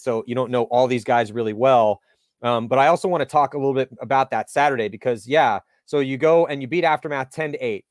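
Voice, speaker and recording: A man hosting a casual sports interview, chatty and animated, telling stories in casual slang. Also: mid-range voice, no room sound, studio quality.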